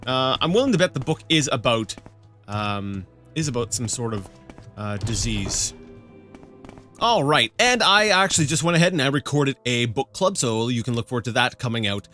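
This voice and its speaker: A man's voice: mid-range voice, animated, normal speed, pushed and bright, soft background music. A man casually commenting on his gameplay as host, rambling and often stammering over repeated words. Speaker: let's play host.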